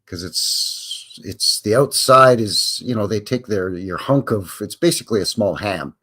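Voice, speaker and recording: A man's voice: lowish voice, expressive, unhurried, pushed and bright. A middle-aged man, hosting a live stream and reading viewer questions in a chatty, jokey, rambling way. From Canada. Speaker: host.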